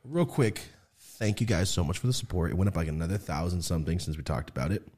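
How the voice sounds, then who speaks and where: A young man hosting a podcast, chatting casually and telling animated stories with quick jumps into high mimicking voices. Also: husky. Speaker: podcast host.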